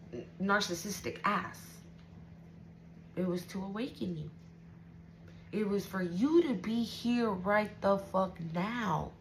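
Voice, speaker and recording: A woman's voice: mid-range voice, a little hiss or hum, poor audio. A woman giving an intuitive tarot reading to her viewers, casual and emotional, swearing freely and often checking in with "right?". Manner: casual, profane, emotional, keeps asking "right?". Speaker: tarot reader.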